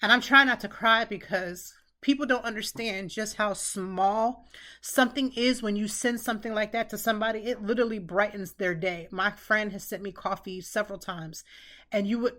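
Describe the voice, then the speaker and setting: A woman's voice: mid-range voice, moderate pace, fairly bright tone. A middle-aged woman hosting a podcast, giving casual advice in an earnest way and repeating phrases for emphasis. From Pennsylvania, United States. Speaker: podcast host.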